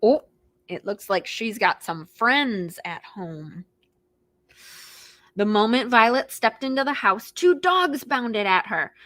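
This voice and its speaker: A woman librarian reading picture books aloud to preschoolers in an animated, expressive way, gasping and making animal noises. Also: on the high side, slow, no echo. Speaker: children's librarian hosting storytime.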